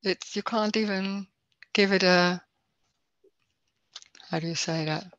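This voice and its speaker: A woman hosting a spiritual talk on a video call, searching haltingly for words with many restarts. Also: medium pitch, steady tone, fairly bright tone, dry recording, muffled recording. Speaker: non-duality talk host. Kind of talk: casual spiritual conversation over video call.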